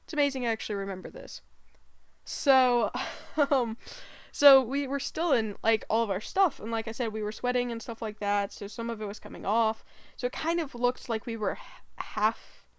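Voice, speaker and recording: For her gaming channel, a woman tells a casual storytime vlog in a fairly high, smooth voice at normal speed, rambling with lots of "like" and "um" and often giggling. The sound is close and dry, with no echo.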